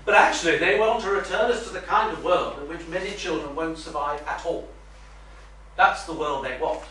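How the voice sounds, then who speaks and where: An older man gives an earnest public talk, his tone forceful and a touch high. He drops in wry asides. He stands well back from the mic in a very echoey room with faint noise behind. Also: normal speed, far from the mic. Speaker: retired minister giving a talk. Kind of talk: public lecture to a meeting.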